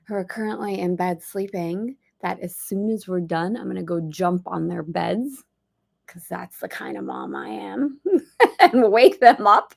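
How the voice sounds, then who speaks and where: A middle-aged woman hosts a casual livestream, chatty and upbeat as she rambles through playful asides. Her voice sits at an ordinary pitch but carries a steady gravelly fry. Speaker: host of a spiritual study livestream. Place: on a boat.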